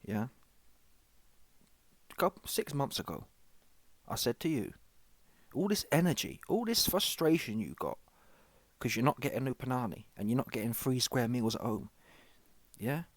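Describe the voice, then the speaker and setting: A man's voice: medium pitch, sing-song, moderate pace, long pauses, no room sound. A man voicing a brash, cocky middle-aged boxing promoter who taunts a rival and keeps asking "yeah?". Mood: taunting.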